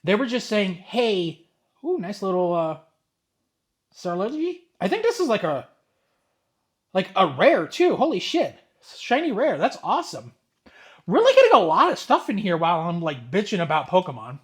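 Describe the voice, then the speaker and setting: A young man telling a rambling, exasperated story in a casual vlog, with excited asides as he opens cards. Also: high voice, moderate pace. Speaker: card collector vlogger.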